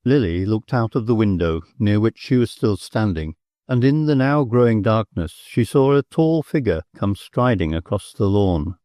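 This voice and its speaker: A man narrating an audiobook in a measured, expressive storytelling manner on a close mic. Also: lowish voice, no room sound. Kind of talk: scripted narration.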